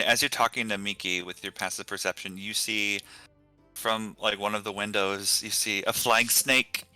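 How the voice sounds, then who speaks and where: A man narrating a tabletop game as game master, relaxed and full of fillers, over an online call. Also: on the low side, smooth, dry recording. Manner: relaxed, filler-heavy narration with easy laughs. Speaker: dungeon master.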